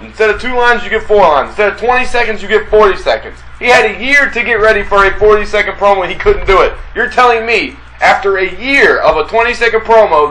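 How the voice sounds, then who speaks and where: A man's voice: sits high, sharp tone, poor audio. A man co-hosting a casual wrestling talk show, blunt and argumentative, swearing freely. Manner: blunt, profane, argumentative, mimics people. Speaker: radio show co-host.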